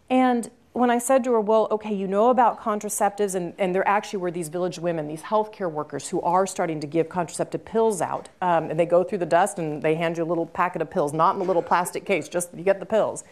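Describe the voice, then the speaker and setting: A woman's voice: on the low side, fairly even intonation, fast talker, hardly any pauses, darkish tone. A woman guest speaker answering audience questions at a university talk, telling an earnest story with emphatic repetition.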